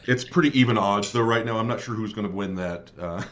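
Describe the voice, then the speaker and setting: Deep-voiced man running a tabletop game. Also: a bit bright, slight background noise. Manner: halting, many fillers and restarts. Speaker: game master.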